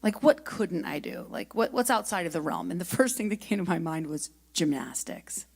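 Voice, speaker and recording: A middle-aged woman giving a lively, chatty spiritual talk at a spiritual center, telling stories and asking her audience questions. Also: on the low side, normal speed, creaky, slightly rough. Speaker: guest speaker and singer.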